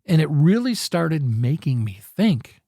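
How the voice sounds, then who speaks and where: A man's voice: fairly high pitch, very animated, unhurried, vocal fry, dark tone, no room sound, clean studio sound. A man hosting a podcast, talking through a casual motivational monologue in an earnest, rambling way, often correcting himself. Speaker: podcast host.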